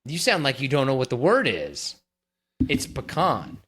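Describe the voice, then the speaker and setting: A man's voice: mid-range voice, huge pitch swings, unhurried, noisy background. A man in his thirties co-hosting a podcast, teasing in a dry, casual way. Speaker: podcast co-host. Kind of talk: casual chat.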